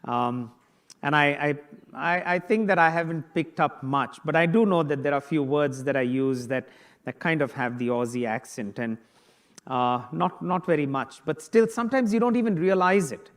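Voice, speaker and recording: Middle-aged priest, conversational homily, restarts often, voice a touch higher than most. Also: male voice, normal speed. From India. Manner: conversational, with frequent restarts and repeated words.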